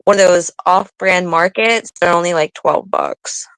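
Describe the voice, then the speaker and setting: A middle-aged woman speaks in a lowish voice, chatty and storytelling, stretching words for emphasis. The recording is dry and close, with no room around her. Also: measured pace, fairly bright tone, clear, resonant tone, dry recording, poor audio. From New England. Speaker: podcast co-host. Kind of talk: casual chat.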